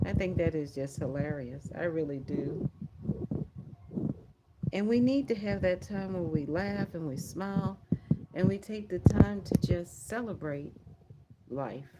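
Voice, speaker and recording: A woman's voice: lowish voice, a little slow, long pauses, very noisy. A woman hosting a livestream prayer watch, chatting casually, laughing often and reading viewer comments aloud.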